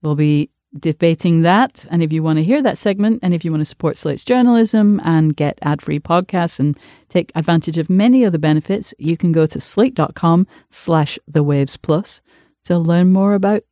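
A woman's voice: lowish voice, normal speed, mellow, no echo, studio quality. A woman co-hosting a podcast, chatting casually and reading a promo. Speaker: podcast co-host.

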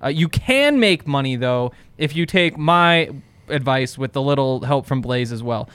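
A man's voice: mid-range voice, lively intonation, normal speed, fairly bright tone, clear, resonant tone, no echo. A man co-hosting a sports betting show, bantering in a joking, self-deprecating way. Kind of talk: casual sports chat.

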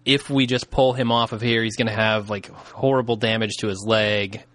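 A man's voice: on the low side, steady tone, normal speed, fairly bright tone, no room sound. Easygoing man recapping scenes, dry sound. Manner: easygoing, laughs along, walks through scene recaps. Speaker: podcast co-host. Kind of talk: casual chat.

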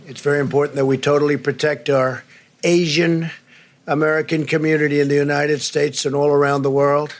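A man's voice: on the high side, flat delivery, fairly quick. A man giving press conference remarks in a blunt, repetitive, emphatic way.

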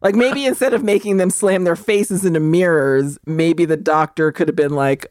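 A woman's voice: lowish voice, very animated, measured pace, no room sound, studio quality. A woman in her forties co-hosting a podcast, chatting casually about movies with wry, sarcastic asides. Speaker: podcast co-host.

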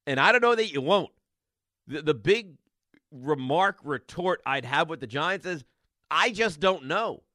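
Exasperated sports radio man, bright voice. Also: on the high side, expressive, a little slow, dry recording, studio quality. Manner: exasperated, rambling, frequent restarts. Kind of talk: sports talk radio monologue.

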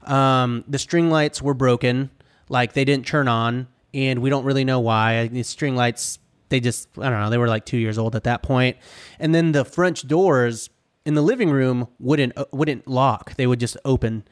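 Guy in casual podcast chat, animated, lots of like and dude, tells stories about his rentals. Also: medium pitch, normal speed, clean tone. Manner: animated, says dude and like a lot, acts out quotes. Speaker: vacation rental host, podcast guest.

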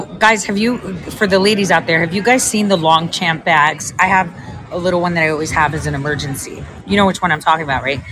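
A woman's voice: lowish voice, noisy background. Profane, rambling middle-aged woman. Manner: profane, rambling, chatty with frequent fillers. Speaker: livestreamer. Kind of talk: casual rambling chat to viewers. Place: outdoors at an airport smoking area.

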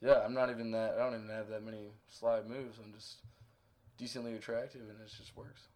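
A man's voice: lowish voice, little pitch movement, a little fast, darkish tone. A young man in casual conversation, telling stories in a laid-back, bragging way. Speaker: guest.

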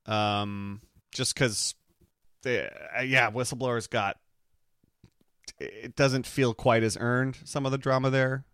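A man's voice: medium pitch, fairly even intonation, takes it slowly, pauses often, a bit bright, smooth, no room sound, studio quality. A man co-hosting a podcast in casual chat, talking things through with enthusiasm and care. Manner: enthusiastic, analytical. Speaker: podcast co-host.

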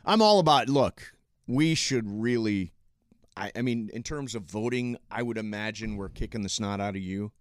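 A man's voice: lowish voice, moderate pace, no echo, clean studio sound. A man co-hosting a radio show, trading playful jokes in casual banter. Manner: wisecracking, playful. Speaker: radio co-host.

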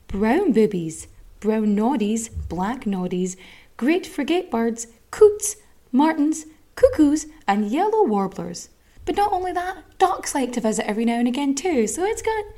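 A woman's voice: on the high side, big pitch swings, measured pace, dark tone. A woman hosting a podcast, telling a history story in a chatty, wry way full of swearing and asides. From Ireland. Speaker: podcast host.

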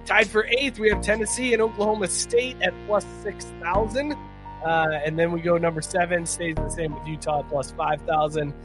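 A man's voice: sits high, steady tone, moderate pace. A man hosting a sports podcast, reading out a ranked list in a casual, upbeat way. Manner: reads rankings off a list, upbeat. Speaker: podcast host. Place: podcast studio. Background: music playing.

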